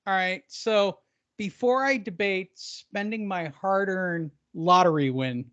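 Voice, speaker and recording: A man's voice: sits high, takes it slowly, fairly bright tone, dry recording, muffled recording. A man co-hosting a boxing podcast, joking casually and spinning silly hypothetical fight scenarios. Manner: playful, spins silly hypotheticals. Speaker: podcast co-host.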